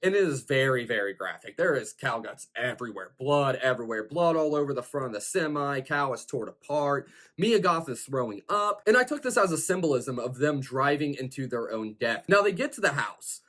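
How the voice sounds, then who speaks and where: A man's voice: mid-range voice, lively intonation, brisk, fairly bright tone. A man hosting a horror film review, recapping the plot in a casual, rambling way full of fillers like "like" and "you know".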